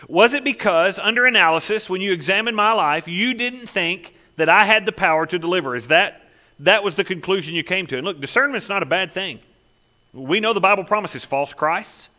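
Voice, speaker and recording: A man's voice: sits high, sharp tone, big-room sound. A man preaching a sermon as a pastor, emphatic, with rhetorical questions and a repeating cadence.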